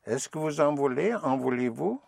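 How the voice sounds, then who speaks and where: A man's voice: medium pitch, lively intonation, brisk, gravelly, a little mellow, husky, no echo. A man teaching a language lesson, patiently prompting and repeating phrases.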